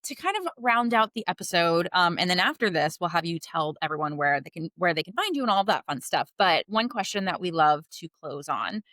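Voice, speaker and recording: Lively, lower-voiced woman podcast co-host. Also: a little fast, hardly any pauses, no room sound. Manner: reflective, steering the talk. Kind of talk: casual interview chat.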